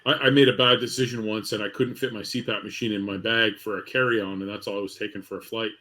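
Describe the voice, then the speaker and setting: A man's voice: fairly low pitch, flat delivery, fast, sharp tone. A man in his fifties, a podcast host telling stories in a chatty, casual way. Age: 50s. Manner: chatty storyteller, frequent restarts. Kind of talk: casual chat.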